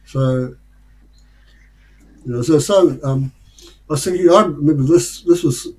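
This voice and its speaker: A man's voice: on the high side, unhurried, a little mellow, rough recording. An Australian man telling stories in a casual, rambling way and chuckling often. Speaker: speaker sharing life lessons. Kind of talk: casual storytelling talk.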